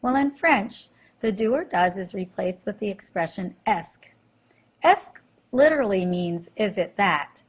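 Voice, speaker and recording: A woman talks through a slide-based language lesson in an airy, breathy voice. She explains each step patiently and keeps asking the listener short questions to check along. Her pitch sits in an everyday middle range. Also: expressive. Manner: slow, clear explanations with quizzing questions. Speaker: French teacher.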